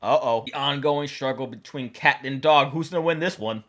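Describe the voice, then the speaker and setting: A woman's voice: sits low, normal speed, hardly any pauses, fairly bright tone. A woman hosting a reaction video, exclaiming, cooing and laughing as she comments on funny animal clips. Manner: laughs often.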